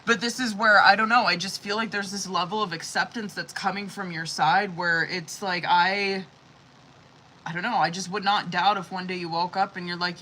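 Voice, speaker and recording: A woman's voice: fairly low pitch, fairly even intonation, normal speed, pushed and bright, slight background noise, poor audio. A woman running a live-streamed tarot reading in a casual, rambling way, with heavy swearing, many fillers and exasperated asides. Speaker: tarot reader.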